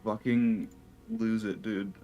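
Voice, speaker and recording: Lowish-voiced blunt player, swears, joking, faint music. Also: male voice, level tone, slow, dark tone. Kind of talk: casual tabletop game chat.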